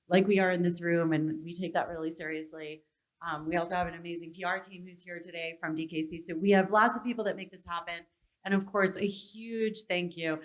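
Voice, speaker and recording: A woman hosting a live event, giving emotional, gushing thanks in her closing remarks. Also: lowish voice. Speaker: event host. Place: conference hall with an audience.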